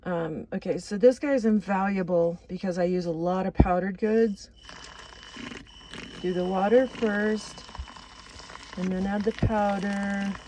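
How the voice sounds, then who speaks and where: A woman's voice: mid-range voice, steady tone, a little slow, pauses often, mellow, poor audio. A woman chatting casually as she cooks in a motorhome kitchen, rambling and laughing at her own slips. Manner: chatty, rambling, self-deprecating. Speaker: vlogger. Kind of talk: casual cooking vlog.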